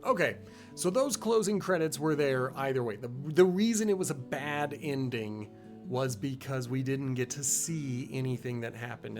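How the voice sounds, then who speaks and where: Male game streamer, mid-pitched, chatty and thinking aloud, faint music behind. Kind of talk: casual live-stream commentary.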